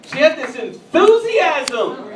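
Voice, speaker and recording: A man doing a stand-up comedy routine on a club stage, telling edgy jokes and bantering with the crowd, at times getting loud. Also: very high-pitched, very animated, slow pace. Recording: echoey, distant, noisy live room.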